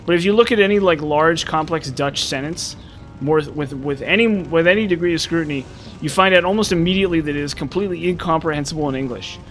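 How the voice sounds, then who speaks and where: Rambling young man with a higher voice. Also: quick pace, a bit bright, soft background music. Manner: rambling, musing, many restarts and fillers. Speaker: gaming channel host. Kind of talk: casual gameplay commentary.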